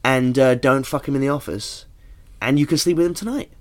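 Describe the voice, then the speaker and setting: A man's voice: mid-range voice, brisk. A man co-hosting a comedy advice podcast, sarcastic and swearing freely, with a sore throat. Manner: sarcastic, swearing, reads letters aloud. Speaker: podcast co-host reading letters. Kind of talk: casual comedic advice chat.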